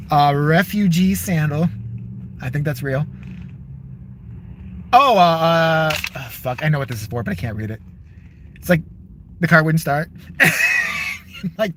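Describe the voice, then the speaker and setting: A man's voice: on the high side, fairly bright tone, slight background noise. A man vlogging from his car, ranting in a sarcastic, profane, exasperated way. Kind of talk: casual profane rant to camera.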